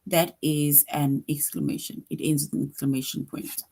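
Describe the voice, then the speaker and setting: A woman's voice: sits low, fairly even intonation, dark tone. A woman teaching an online grammar lesson to young children, patient and repetitive, often checking in with "right?". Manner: slow, patient, repeats points with frequent "right?".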